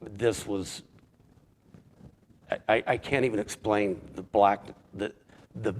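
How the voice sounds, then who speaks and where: A man with a fairly low voice tells his personal testimony. He speaks haltingly, restarting sentences and repeating words as he works his way through it. The delivery is plain and unscripted. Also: steady tone, darkish tone. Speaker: church member giving a testimony.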